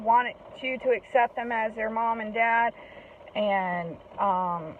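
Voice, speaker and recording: A woman hosting a casual talk and giving earnest advice to foster parents, often checking in with "okay?" and "guys". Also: mid-range voice. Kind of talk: casual direct-to-camera talk. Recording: tinny phone-like audio with faint noise.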